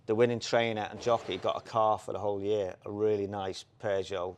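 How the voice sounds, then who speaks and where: A man, a former jockey co-hosting a podcast, telling racing anecdotes in a lively, casual way. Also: fairly low pitch, fairly quick, slight background noise. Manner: animated anecdotes, laughs, quotes people in put-on voices. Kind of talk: casual storytelling chat.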